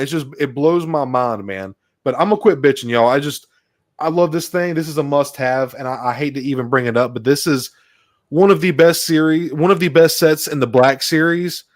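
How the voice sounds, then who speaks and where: Excitable man ranting casually. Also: a little high, no room sound, studio quality. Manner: rambling, excitable, swears freely. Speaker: podcast co-host. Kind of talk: casual podcast chat.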